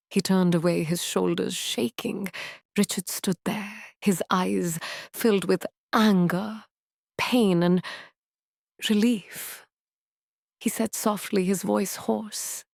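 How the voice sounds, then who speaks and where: A woman narrating a dramatic first-person story slowly, in a sorrowful storytelling manner. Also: medium pitch, gravelly, darkish tone, no echo, clean studio sound.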